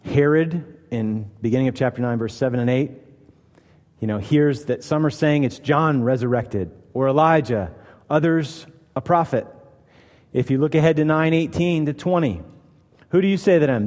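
A man's voice: mid-range voice, moderate pace, a little mellow, long reverb tail. A man preaching a conversational, emphatic sermon, acting out the quoted lines as he reads. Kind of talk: expository sermon.

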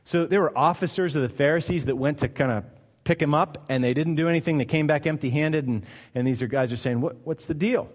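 A man's voice: fairly high pitch, fairly quick. A male pastor delivering a sermon, emphatic and conversational, firing off rhetorical questions. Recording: long hall reverb.

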